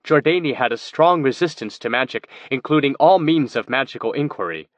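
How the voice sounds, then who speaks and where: Male audiobook narrator, steady scripted reading, dry close sound. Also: mid-range voice, a little fast, no echo. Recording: dry, dull lo-fi recording.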